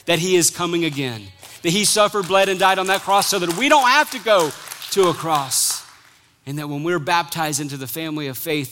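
Bright-voiced animated male pastor preaching. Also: a little high. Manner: animated, acts out quotes, sudden quiet drops. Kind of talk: sermon.

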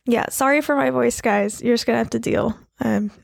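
A woman co-hosting a casual podcast while sick, her voice rough, rambling and self-deprecating with many restarts. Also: fairly high pitch, fairly quick, no room sound. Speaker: podcast co-host.

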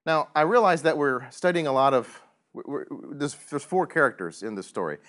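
Man, Bible teacher, jokey and animated, pitch leaps all over while he teaches. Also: brisk. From United States. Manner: animated, joking, big pitch swings, chuckles often. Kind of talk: casual Bible study teaching.

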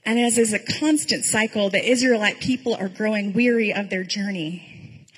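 A pastor giving a sermon in a conversational storytelling way, with dry humor. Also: female voice, mid-range voice, normal speed, breathy edge, in a large hall, rough recording.

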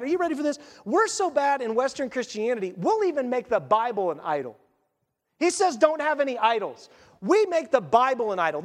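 Male preacher, very high-pitched, chatty and needling, sermon recorded in an echoing sanctuary. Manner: animated, conversational, sarcastic rhetorical questions. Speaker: pastor. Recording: long reverb of a church hall.

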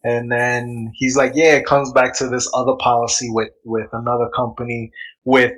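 A man in casual chat, telling a story in an animated way, swearing freely and acting out what people said. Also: medium pitch, normal speed, low-quality recording.

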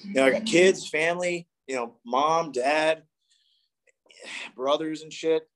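A young East Coast man gives a candid, profane, rambling recovery testimony to a group at a meeting. His voice is a little high and he takes it slowly.

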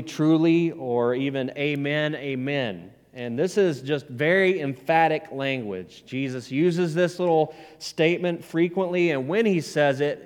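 A man's voice: mid-range voice, clear, resonant tone, long reverb tail. A man preaching a sermon as pastor, plainspoken and conversational with folksy asides.

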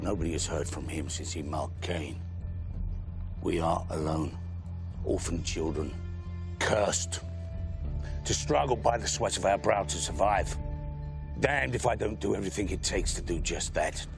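An actor playing a ruthless warlord who speaks in bitter, defiant declamation in a film clip. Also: male voice, sits low, animated, normal speed, gravelly. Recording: film clip with music underneath. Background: film score.

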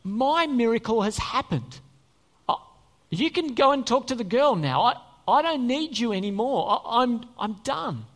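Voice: mid-range voice, sing-song, a little slow, in a large hall. A preacher voicing a healed woman, offhand. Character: healed woman politely dismissing Jesus.

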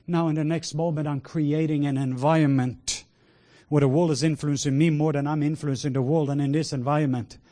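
A man preaching a sermon with passion, moving between hushed words and loud exclamations. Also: a little high, steady tone, a little fast. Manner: sprinkles in laughter and cries of "whoa".

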